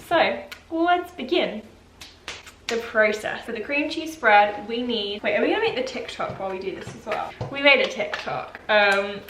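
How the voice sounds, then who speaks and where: A woman's voice: medium pitch, sharp tone. A young woman from the UK chatting casually and giggling through a home cooking vlog in her kitchen. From United Kingdom. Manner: chatty, giggly, self-mocking. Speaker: vlogger. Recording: echoey kitchen, mic far off, noisy.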